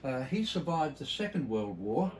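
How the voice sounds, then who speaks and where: Speaking with great animation at a moderate pace, this older Australian entertainer shares family stories in a memorial tribute, blunt, salty and reflective, often hesitating. His pitch is medium, and crowd noise fills the rough recording.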